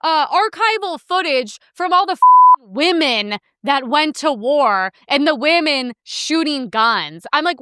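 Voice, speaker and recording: A young woman hosting a podcast, ranting in casual profane commentary and mimicking people in sharp outbursts. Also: high voice, animated, measured pace, few pauses, dry recording, studio quality. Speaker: podcast host.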